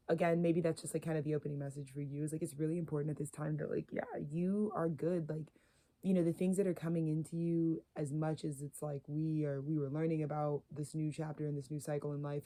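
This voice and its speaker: Mellow, flat-voiced woman musing on spirit. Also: deep voice. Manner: filler-heavy, meandering, earnest. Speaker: spiritual content creator. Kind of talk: rambling spiritual monologue.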